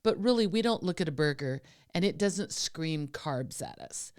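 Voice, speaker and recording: A woman co-hosting a podcast in playful casual chat, laughing often and pitching whimsical ideas. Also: lively intonation, normal speed, a little mellow. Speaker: podcast co-host.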